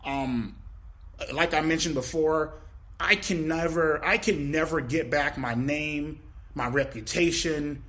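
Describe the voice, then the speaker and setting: Slow-paced and fairly high-pitched, with a somewhat bright tone, a man gives rambling, profane answers in a casual interview. He curses heavily and keeps saying "you know what I mean."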